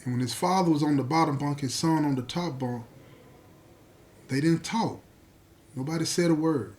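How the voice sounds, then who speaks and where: A male storyteller recounts a dramatic tale in a spoken, conversational delivery. His voice sits somewhat high for a man. He leans into pauses and turns to address his listeners directly. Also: a little mellow. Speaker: storyteller host.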